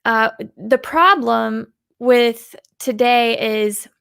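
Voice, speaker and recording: A woman from the United States answering interview questions as a communication coach, animated and acting out example voices. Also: fairly high pitch, very slow, creaky, clean tone, no room sound.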